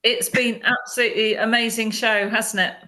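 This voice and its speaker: A woman's voice: fairly high pitch, level tone, moderate pace, sharp tone. A woman hosting a group chat on a video call, enthusiastic and affirming. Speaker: host.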